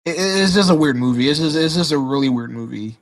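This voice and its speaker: A man hosting a casual livestream Q&A, reading chat questions aloud and answering in an excitable way, often repeating words as he restarts his sentences. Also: on the high side, quick pace. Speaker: livestream host.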